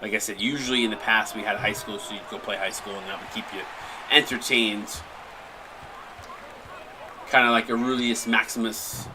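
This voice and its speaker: A man hosting a live stream, mixing casual chat with excited play-by-play calls. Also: lowish voice, moderate pace, long pauses, background noise. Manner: chatty, jokey, breaks into excited shot calls. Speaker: play-by-play commentator and stream host.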